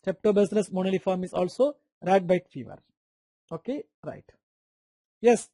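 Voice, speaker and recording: A man's voice: sits high, moderate pace, warm tone, no room sound. A man with an Indian English accent giving an online medical lecture, quizzing students by name and repeating key terms.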